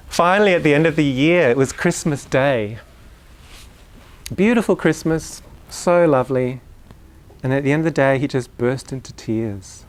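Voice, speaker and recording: A man speaking at an ordinary pitch and a moderate pace gives an informal talk on Waldorf education to a group of parents. He makes his points through examples, tossing in asides and questions for the room, and sounds like he's addressing a live audience in person.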